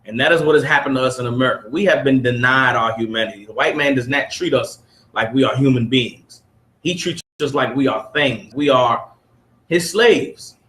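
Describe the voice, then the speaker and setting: A man's voice: mid-range voice, moderate pace, fairly bright tone. A man leading a preachy lesson for a group, reading aloud and pressing them with rhetorical questions. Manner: emphatic, fires rhetorical questions at listeners. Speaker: study group teacher. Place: room with a group of listeners. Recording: echoey room.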